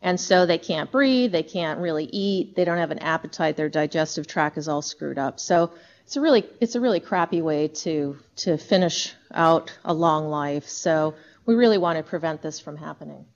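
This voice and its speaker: A woman's voice: deep voice, moderate pace, highs cut off. Frank, casual woman presenting health talk. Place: corporate talk room.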